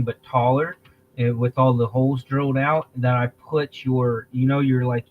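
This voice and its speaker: Slow, rambling man on a lo-fi stream. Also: medium pitch, a little hiss or hum. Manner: rambling, halting, with many restarts and throat-clearing. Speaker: livestream host. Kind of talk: casual livestream chat.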